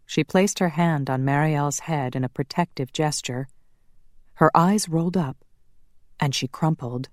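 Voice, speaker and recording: A woman narrating a paranormal romance audiobook in a measured, steady way. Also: low-pitched, no echo, clean studio sound.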